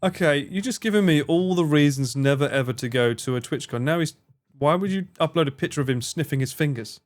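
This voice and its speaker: A man's voice: fairly high pitch, brisk. A man streaming live, chatting casually with his viewers, swearing freely, laughing and bantering.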